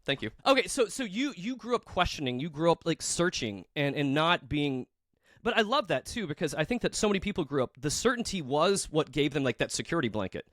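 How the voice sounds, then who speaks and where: A man's voice: fairly high pitch, very animated, brisk, fairly bright tone, no room sound, clean studio sound. A man from Atlanta hosting a podcast interview, joking and teasing his guest in casual chat. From Atlanta, Georgia. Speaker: podcast host.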